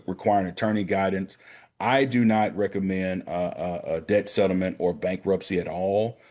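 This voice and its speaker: A man who works in banking gives listeners on a prayer call practical lessons in financial literacy, calling them gentlemen and brothers. His voice is low.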